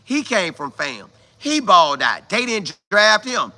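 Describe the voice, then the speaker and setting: A man's voice: high-pitched, very animated, unhurried, pushed and bright. A man hosting a casual live stream, reading viewer comments aloud and talking straight to his audience with exclamations and repeated phrases for emphasis. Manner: talks straight to viewers, calling them y'all.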